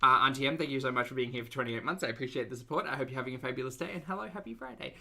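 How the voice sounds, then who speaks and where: An Australian man hosting a livestream, talking loudly in a chatty, self-mocking way as he greets viewers and comments on videos. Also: medium pitch, rapid-fire, creaky. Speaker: reaction livestream host.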